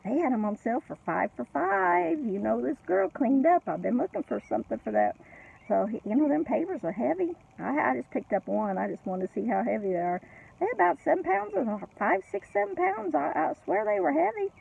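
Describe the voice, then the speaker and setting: A middle-aged or older woman tells a family story in a chatty way, with frequent laughs and many asides. Her voice has a gravelly fry, and the sound is thin and tinny, like a phone line. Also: sits high, big pitch swings, brisk. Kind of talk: casual personal storytelling.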